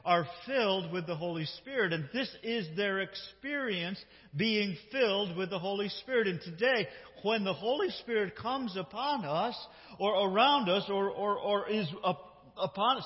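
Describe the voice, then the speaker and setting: A man's voice: sits high, expressive, measured pace. A male lead pastor preaching a sermon, reading scripture aloud with emphatic character lines and asking the congregation questions. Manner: conversational, asks the congregation questions. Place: church sanctuary. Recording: dull reverberant church hall sound.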